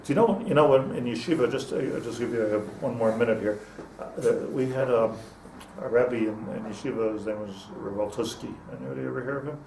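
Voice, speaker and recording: A rabbi, medium-pitched and a little fast, teaches students in an informal Torah lecture with a slightly mellow tone and vocal fry. He chats, restarts phrases, and uses Hebrew terms. The far-off mic picks up roomy echo and slight background noise.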